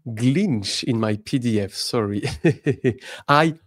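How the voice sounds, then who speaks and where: Upbeat French male teacher with a lively, unhurried delivery and slow, careful example sentences. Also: mid-range voice. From France. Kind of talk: online language lesson.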